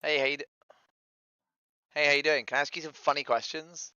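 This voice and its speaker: Man, activist streamer, bright tone, persistent questioning, dry lo-fi sound. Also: fairly high pitch, little pitch movement, fairly quick, smooth, no echo. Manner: persistent, repeats his opening line, probing questions. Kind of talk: street-outreach style questioning on voice chat.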